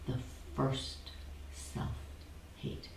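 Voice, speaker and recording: A woman spiritual teacher giving a deliberate talk to a small group, often dropping to near-whispers. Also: darkish tone. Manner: slow, deliberate, drops to near-whispers on key words. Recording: roomy, distant from the mic, faint background noise.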